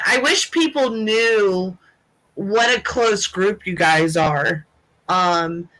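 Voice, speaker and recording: A woman hosts a casual live chat, speaking warmly and at length, with frequent ums and restarts. Her voice is bright and clear. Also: medium pitch, poor audio. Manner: emotional, rambling, many fillers. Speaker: show host.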